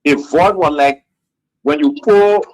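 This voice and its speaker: A man with a Liberian English accent calls in to a radio show, heated and critical, and hammers the same points again and again. His voice is fairly high. The sound is dry and close. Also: very animated, unhurried, vocal fry, no echo, rough recording. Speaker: caller. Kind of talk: call-in radio talk.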